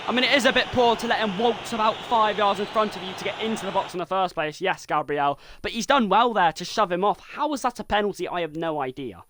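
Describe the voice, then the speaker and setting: Swearing, high-voiced game streamer. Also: male voice, fast talker, hardly any pauses, noisy background. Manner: swears and yells in frustration at the game, otherwise muttering play-by-play. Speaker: streamer playing a football video game. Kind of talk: live gameplay commentary.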